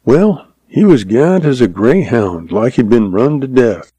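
A man's voice: mid-range voice, expressive, unhurried, dark tone, husky, no room sound. A man voicing a vague, offhand stable hand in an audiobook, with a drawl.

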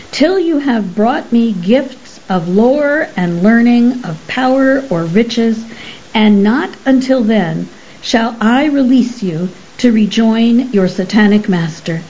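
A pompous Elizabethan conjurer scolds in slow, archaic tones, as a woman narrator reads him. The voice is mellow and unhurried. A slightly dull recording carries a faint hiss. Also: medium pitch. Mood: gloating. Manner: archaic, severe, lecturing. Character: stern Elizabethan male conjurer, pompous and superstitious.

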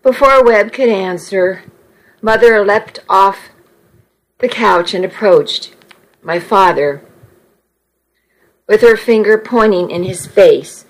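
A woman reading a first-person story aloud in an unhurried way, now and then correcting a slip. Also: medium pitch, rough recording. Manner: unhurried, occasional slips and self-corrections. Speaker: narrator.

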